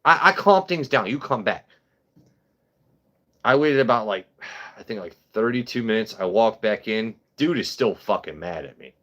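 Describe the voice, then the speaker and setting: A man's voice: on the low side, moderate pace. Rambling, foul-mouthed man telling stories. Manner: rambling, profane, animated. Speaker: host. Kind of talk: casual livestream storytelling.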